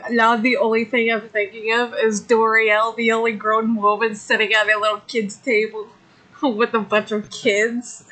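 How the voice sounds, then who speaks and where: A woman's voice: a little high, sharp tone, low-quality recording. A woman streamer chatting casually during an online tabletop game, laughing often. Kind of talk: casual chat.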